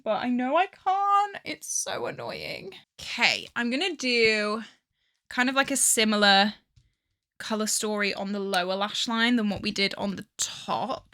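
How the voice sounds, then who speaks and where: A young woman chatting excitably and gossiping as she does her makeup for a get-ready-with-me vlog. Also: medium pitch. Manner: bubbly, excitable and gossipy, with frequent laughs. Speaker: beauty vlogger. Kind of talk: get-ready-with-me chat while doing makeup.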